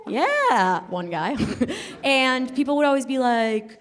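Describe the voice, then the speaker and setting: A woman's voice: high voice, sing-song, slow. A young woman from Colombia doing a brash, self-mocking stand-up set, teasing the crowd and laughing at her own jokes. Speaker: stand-up comedian. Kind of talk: stand-up set before a live audience. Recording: noisy live club sound with crowd laughter. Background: audience laughter.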